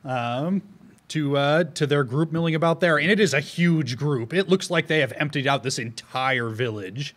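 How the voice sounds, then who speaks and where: A man's voice: fairly high pitch, moderate pace, fairly bright tone. A man narrating a tabletop fantasy game as game master, rambling with many fillers and restarts.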